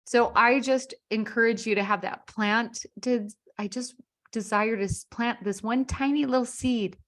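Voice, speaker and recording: A woman's voice: fairly high pitch, measured pace. A woman author speaking on a video call, encouraging listeners with a string of earnest, coaxing rhetorical questions. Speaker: author guest. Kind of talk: motivational speaking.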